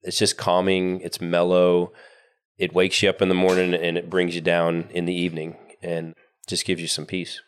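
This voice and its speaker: A man co-hosting a podcast, speaking in a calm, relaxed way in casual chat. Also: low-pitched, moderate pace, clear, resonant tone. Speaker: podcast co-host.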